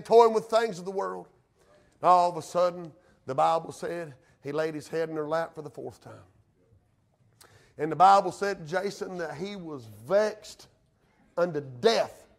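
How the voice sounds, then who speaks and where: A male pastor, preaching a folksy, country-spoken sermon that swings from hushed to shouted. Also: fairly high pitch, gravelly.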